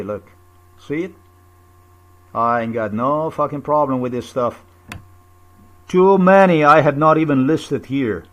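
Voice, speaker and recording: Here a male vlogger rants angrily on camera, repeating himself, firing off rhetorical questions, and cursing. His voice sits in the mid-range with a fairly bright tone.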